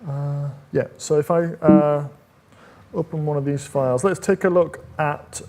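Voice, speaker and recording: A man presenting as a technical evangelist, explaining a software demo step by step in a conversational way with frequent fillers. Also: a little high, steady tone, unhurried, slight background noise. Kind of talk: live coding demo presentation.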